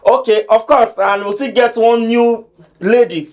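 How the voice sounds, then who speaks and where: A man's voice: extremely high pitch, steady tone, unhurried, darkish tone. Chatty Nigerian man hosting a show. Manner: chatty, teasing, many fillers. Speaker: host.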